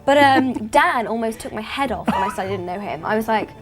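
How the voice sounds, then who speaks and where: A young woman telling a candid story in an interview, animated. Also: on the high side, brisk, over loud music. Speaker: actress interviewed. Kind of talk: interview chat.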